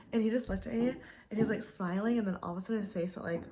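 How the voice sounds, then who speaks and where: A young woman vlogger casually telling a dating story, animated, swearing and exasperated. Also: mid-range voice, rapid-fire, slight background noise.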